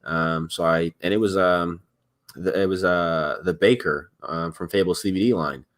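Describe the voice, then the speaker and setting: Young man, very deep voice, rambling casual chat. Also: steady tone, moderate pace. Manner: rambling, many fillers and restarts.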